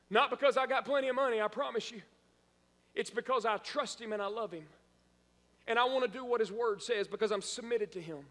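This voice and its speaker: A man's voice: extremely high pitch, pushed and bright. Male pastor mid-sermon, emphatic and repetitive; long church reverb behind him. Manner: emphatic preaching, repeats phrases for emphasis. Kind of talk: live-streamed sermon. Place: church sanctuary.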